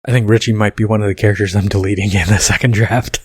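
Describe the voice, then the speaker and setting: Low-voiced man musing over his script. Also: fairly even intonation, fast talker, darkish tone, slightly rough, no echo, clean studio sound. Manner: rambling, self-correcting asides. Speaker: podcast host and screenwriter. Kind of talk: casual podcast commentary on his own script.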